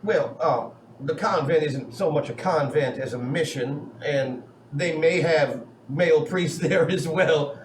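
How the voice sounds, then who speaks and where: A man's voice: fairly high pitch, a little slow, hardly any pauses. A man playing a tabletop game in character, talking in a drawling cowboy manner. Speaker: tabletop player. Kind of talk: in-character role-play. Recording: roomy, distant mic, noisy.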